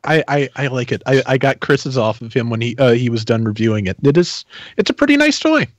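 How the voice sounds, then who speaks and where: A man co-hosting a live-streamed fan podcast who chats casually, halting and stammering as he goes. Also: medium pitch, big pitch swings, dry recording. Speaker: podcast co-host.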